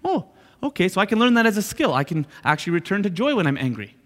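A man with a notably high voice preaches in a church hall, and his words ring out with a long reverb. He keeps it conversational, circling back on his points and tossing in "right?" to check the room. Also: big pitch swings, rapid-fire, a bit bright. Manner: conversational, repeats points with frequent "right?" asides. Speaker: pastor. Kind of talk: sermon.

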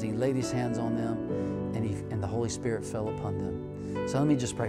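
A man preaching a sermon, telling personal stories, moving from hushed, intimate passages to loud, excited ones. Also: medium pitch, fairly quick, in a large hall, loud music behind the voice. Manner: storytelling, swings from hushed to loud.

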